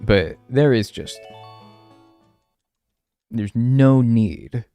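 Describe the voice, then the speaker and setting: Speaking extremely slowly in a mellow, clean, medium-pitched voice with lively intonation, a man streams a video game with no echo and soft background music. He chats casually with viewers and rants with mock seriousness.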